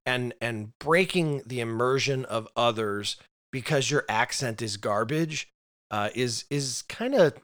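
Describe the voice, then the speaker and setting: A man's voice: medium pitch, unhurried, fairly bright tone. Chatty man sharing role-play advice. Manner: hesitant, repeats words while thinking aloud. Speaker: podcast co-host. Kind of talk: casual chat about role-playing games.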